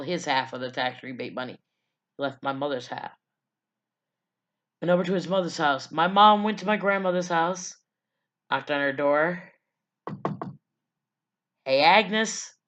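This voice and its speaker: A woman's voice: low-pitched, dull audio. A woman vlogger telling her life story in a loose, casual way, blunt and profane, with lots of fillers.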